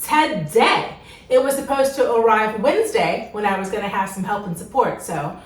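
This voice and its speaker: A middle-aged woman chatting excitedly in a casual home makeover vlog, recorded indoors at her home. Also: mid-range voice, brisk, echoey room.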